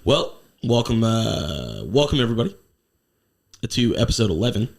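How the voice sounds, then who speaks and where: A man hosting a casual podcast from his home studio, sucking on cough drops for a sore throat, talking excitably and swearing as he laughs. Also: lowish voice, normal speed, creaky. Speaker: podcast co-host.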